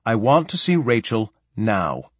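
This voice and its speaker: A male narrator voicing a protective mother who speaks quietly but very firmly. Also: rumbling low, big pitch swings, a little slow, husky, no echo, exaggerated voice.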